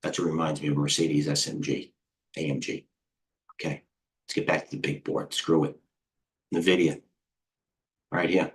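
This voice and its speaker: A middle-aged American man hosting a live trading stream, excitable and rambling, jumping between stocks with quick quips. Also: a bass voice. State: out of breath. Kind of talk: live market commentary.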